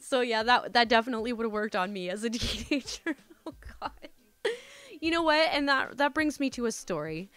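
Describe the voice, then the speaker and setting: Bright, lively woman telling stories. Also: a little high, moderate pace, clear, resonant tone, no room sound. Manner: chatty, swears, addresses listeners as "my dudes". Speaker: storytime channel host. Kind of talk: casual storytime reading and chat.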